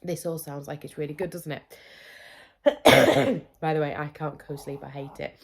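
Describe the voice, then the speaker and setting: With a low, animated voice that's slightly rough and carries vocal fry, a woman in her thirties chats to camera at a moderate pace. As a parenting vlogger, she talks candidly about her kids' sleep, often acting out their lines in their voices.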